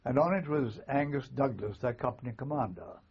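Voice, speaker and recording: An older man, a former army chaplain, recalling wartime memories in an oral history interview, with halting, understated speech and frequent restarts. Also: medium pitch, gravelly, breathy edge. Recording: muffled lo-fi recording.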